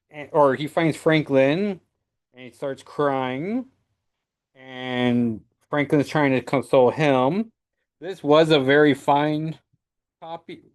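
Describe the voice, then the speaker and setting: A man's voice: mid-range voice, a little mellow, clean tone. A man who reviews comic books, recapping a story in a loose, casual way with lots of "like" and "um.". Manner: loose, filler-heavy recap with "like" and "um".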